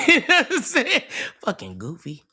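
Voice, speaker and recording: A man's voice: very high-pitched, huge pitch swings, normal speed, sharp tone. A man reacting to a clip on his livestream, mocking and repeating himself, stumbling over restarts. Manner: mocking, repetitive, stammers and restarts. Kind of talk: heated livestream commentary.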